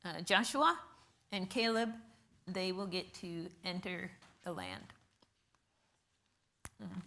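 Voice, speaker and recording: Woman, Bible class teacher, conversational, rhetorical questions, crisp bright tone. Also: fairly low pitch, slow pace. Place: church classroom.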